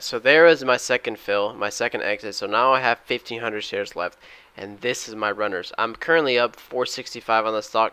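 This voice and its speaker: In this trading recap with screen commentary, a young man walks through his day's trades in a mid-range, clear, resonant voice. He's casual and excitable, and when a trade fails he gets heated and shouts at the chart.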